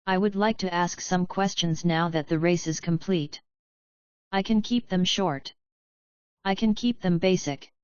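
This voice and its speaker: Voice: medium pitch, measured pace, a little mellow, clean tone, dry recording, lo-fi sound, natural voice. A woman voicing a polite, methodical female unicorn scholar who asks formal questions.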